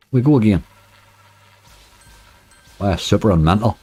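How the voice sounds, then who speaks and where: Streaming casino games live, this Northern Irish slots streamer talks away to viewers and complains about the near misses over faint game music. His voice is low, mellow and very animated, with a breathy edge, a moderate pace and frequent pauses, recorded close and dry with no room sound.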